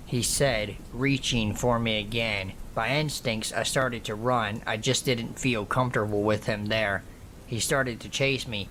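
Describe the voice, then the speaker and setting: A male horror-story narrator reading a first-person account in a measured, somber voice. His mid-range voice moves at an unhurried, deliberate pace, with a faint hiss of noise underneath. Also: mid-range voice, fairly even intonation, a bit bright. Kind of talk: scripted narration of true scary stories.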